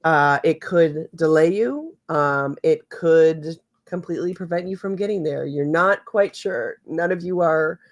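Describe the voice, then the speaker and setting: A woman narrates as game master for a tabletop session. She speaks slowly in a lowish voice, halting often with fillers and pauses to clear her throat. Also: lo-fi sound.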